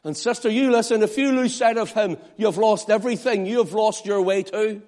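A man preaching a sermon, swinging between loud, pleading appeals and hushed, quiet asides. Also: high voice, normal speed. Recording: long hall reverb.

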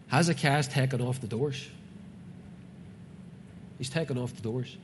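A man's voice: mid-range voice, moderate pace, long pauses, a little hiss or hum. A man with a Northern Irish accent preaching a sermon, reading scripture and explaining it earnestly and conversationally to his congregation. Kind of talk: sermon, Bible reading with commentary. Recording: reverberant hall with faint ambience.

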